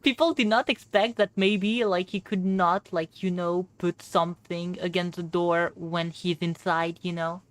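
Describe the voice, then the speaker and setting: A woman's voice: fairly low pitch, steady tone, a little slow, few pauses. A woman streamer chatting casually and laughing often while playing a game with a friend. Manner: giggly, reads game lines aloud.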